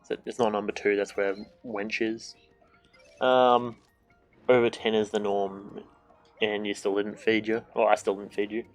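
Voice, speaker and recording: Guy streaming a game at home, kinda low voice, jokey and sweary, faint game music in the back. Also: little pitch movement, unhurried. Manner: joking and irreverent, swears, reads game dialogue aloud. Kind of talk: casual gameplay commentary.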